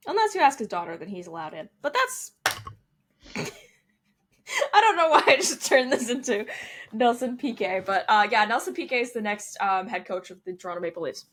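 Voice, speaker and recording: A woman's voice: a little high, very animated, normal speed, pauses often, a bit bright. A young adult woman co-hosting a casual sports podcast, joking and ranting with frequent laughter. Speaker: podcast co-host.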